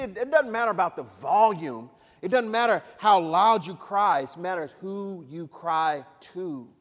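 A man preaching a sermon as pastor, animated, acting out voices and leading the congregation in prayer. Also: on the high side, big-room sound. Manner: animated preaching, acts out voices and calls the crowd to repeat.

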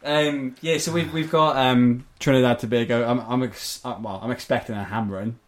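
Podcast guy, mid pitch, laughing a lot, rambly banter, bit of swearing. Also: fairly even intonation, moderate pace. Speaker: podcast host. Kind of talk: casual chat.

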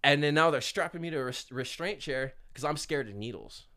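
A man casually telling a story as a podcast guest, animated, swearing and full of fillers. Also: on the high side, a little fast.

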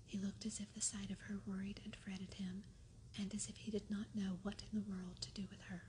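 Brief: woman reader, whispered role-play storytelling, steady flat whisper, calm and close. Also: mid-range voice, fairly quick, slight background noise. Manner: soft, unvoiced whisper. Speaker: audiobook reader.

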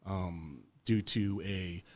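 A man telling stories in casual chat, animated and laughing, acting out what others said and often saying dude and man. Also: low voice, very slow. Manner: animated storyteller, says dude and man a lot, laughs, acts out quotes. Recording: dull lo-fi sound.

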